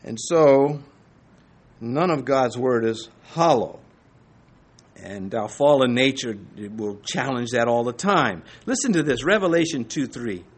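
A man's voice: medium pitch, animated, unhurried. A man preaching a sermon, conversational and emphatic, reading scripture and chuckling now and then. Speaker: pastor.

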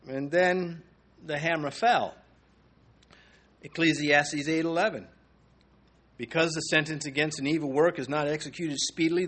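A man's voice: a little high, a bit bright. Casual, conversational man teaching scripture. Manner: conversational, reads scripture aloud then comments, with fillers and chuckles. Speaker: Bible teacher. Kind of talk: verse-by-verse Bible teaching.

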